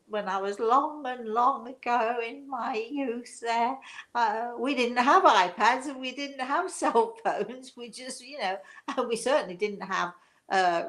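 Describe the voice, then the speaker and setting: Older female host from England, meandering chatty delivery, mid-pitched. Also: fairly bright tone. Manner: chatty, meandering, many fillers. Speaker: show host, medium. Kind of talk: rambling casual chat.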